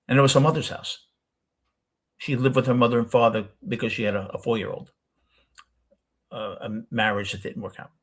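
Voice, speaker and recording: An older man with a New York accent tells a long personal story in a loose, rambling way. His voice is husky and sits at an ordinary pitch. He stops often to correct himself as he goes. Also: fairly even intonation, moderate pace, pauses often. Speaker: host. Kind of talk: casual storytelling.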